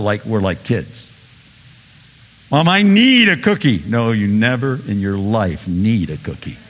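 A male pastor preaching a sermon, animated, swinging between loud bursts and soft asides. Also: fairly low pitch, in a large hall, slight background noise.

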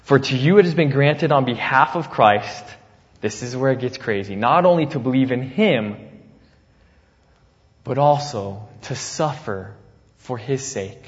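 A man preaching a sermon, casual and conversational, acting out scripture quotes with sudden loud bursts and easy laughs. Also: mid-range voice, measured pace, big-room sound, lo-fi sound. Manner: animated, acts out the apostle's words with sudden loud jumps. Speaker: pastor.

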